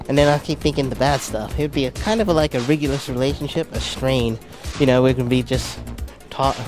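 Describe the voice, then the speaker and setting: A young male comedian with a fairly high voice tells a self-deprecating story on stage, acting out the people in it as he goes. Music plays clearly under the whole set, heard through a stage mic at a charity ball. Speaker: stand-up comedian. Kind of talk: stand-up comedy routine.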